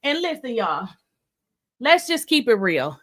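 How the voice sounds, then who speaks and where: An excitable woman hosts a casual livestream and chats straight to her viewers. She is out of breath and her voice sits a little high. She talks fast and loose. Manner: excitable, chatty, addresses viewers as y'all. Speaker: livestream host. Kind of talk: casual live chat.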